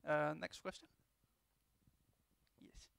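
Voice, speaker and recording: A man's voice: slow pace, fairly bright tone, no room sound. A man giving a self-mocking, jokey talk on a convention panel.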